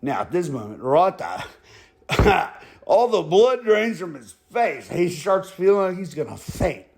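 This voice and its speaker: Lively high-voiced male storyteller. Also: a little slow. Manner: chuckles often, profane, casual. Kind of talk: comedic spoken storytelling.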